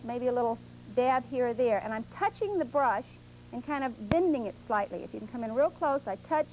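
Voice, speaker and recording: A woman with a high, light voice gives a painting lesson on television. She talks through each stroke patiently and step by step as she works, in a studio setting. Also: a little hiss or hum, rough recording. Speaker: painting instructor.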